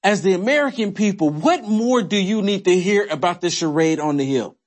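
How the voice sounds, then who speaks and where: High-voiced indignant male commentator. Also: expressive, brisk. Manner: indignant, rhetorical questions, sarcastic. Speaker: political commentary host. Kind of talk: opinionated commentary.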